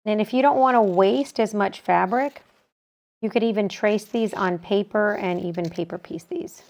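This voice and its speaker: A woman calmly explaining a quilting technique step by step as she works with her hands. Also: mid-range voice, moderate pace. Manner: calm, practical, talks while working with her hands. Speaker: quilting instructor. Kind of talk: step-by-step sewing tutorial.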